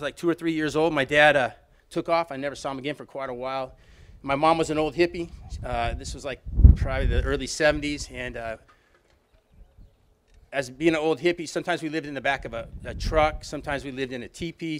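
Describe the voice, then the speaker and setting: Fast-talking man telling his story. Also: medium pitch, fairly bright tone. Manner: rambling storytelling with frequent "you know what I mean"; self-deprecating humor. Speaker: alumni reunion speaker. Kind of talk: personal recovery talk.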